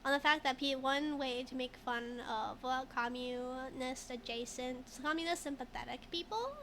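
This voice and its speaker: A woman's voice: high-pitched, steady tone, normal speed, sharp tone, slight background noise. A woman streaming a game who jokes, giggles often and reads chat in casual commentary. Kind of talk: casual let's-play commentary.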